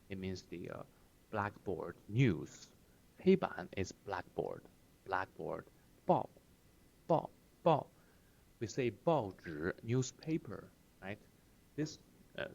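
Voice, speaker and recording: Slow, patient male teacher. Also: deep voice, darkish tone, dull audio, slight background noise. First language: Chinese. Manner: slow, patient explaining with many fillers and repetitions. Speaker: Chinese language teacher. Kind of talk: explaining sitcom lines to learners.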